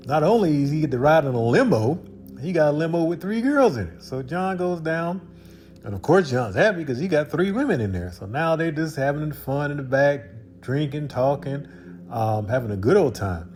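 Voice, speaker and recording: A man's voice: medium pitch, darkish tone. A man telling a spiritual parable in a loose, conversational way, with asides to his listeners. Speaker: storyteller. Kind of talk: casual spoken parable.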